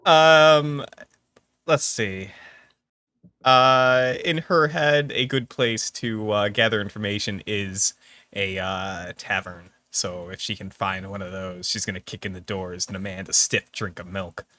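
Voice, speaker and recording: Brief: male player, bright and dry, sarcastic. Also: lowish voice, steady tone, unhurried, no room sound. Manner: joking, sarcastic. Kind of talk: tabletop game play, casual chat.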